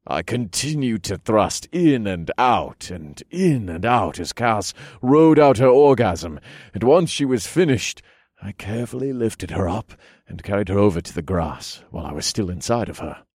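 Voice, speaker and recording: A man narrating a first-person erotic story in a low, breathy, intimate way. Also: very animated, normal speed, a little mellow, no room sound, studio quality.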